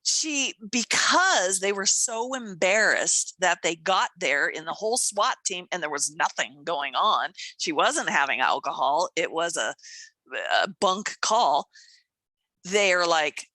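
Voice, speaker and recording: A woman co-hosting a podcast, telling stories in a casual chat, animated, acting out voices and laughing often. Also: on the low side, takes it slowly, no echo. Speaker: podcast co-host and coach.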